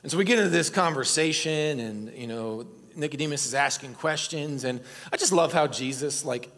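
A man preaching a conversational sermon, telling the story in a casual, lively way and speaking straight to the congregation. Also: a little high, moderate pace, long reverb tail.

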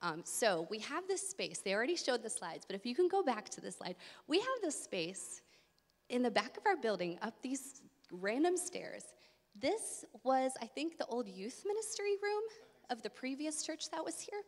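A woman's voice: fairly high pitch, sing-song, moderate pace. A woman, a little out of breath, presenting a ministry project to a church congregation in a friendly, informal way with many ums. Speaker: ministry director. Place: church sanctuary. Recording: church hall reverb.

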